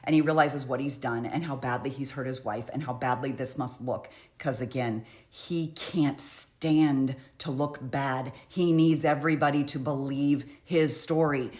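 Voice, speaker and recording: Low-voiced woman recapping a trial. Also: steady tone, measured pace, few pauses, darkish tone. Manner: chatty, conversational, frequent "like" and "you know". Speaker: true crime commentator.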